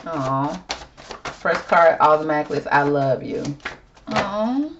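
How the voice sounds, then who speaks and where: A woman's voice: low-pitched, steady tone, normal speed, lo-fi sound, a little hiss or hum. A woman doing a casual tarot reading, chatty and sassy, calling viewers girl and y'all. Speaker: tarot reader.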